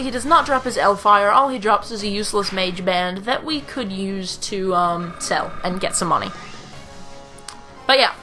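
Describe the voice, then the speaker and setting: A woman's voice: mid-range voice, pushed and bright. A young woman chatting casually as she plays through a video game, now and then reading the characters' lines aloud in put-on voices. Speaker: let's play commentator. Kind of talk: casual game commentary with dialogue read aloud.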